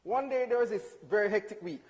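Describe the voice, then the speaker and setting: A young man telling a funny personal story in church, animated and acting out dialogue with laughs. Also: high voice, quick pace, dull audio. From Jamaica. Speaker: church speaker. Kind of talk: storytelling testimony. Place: church hall. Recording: hall reverb.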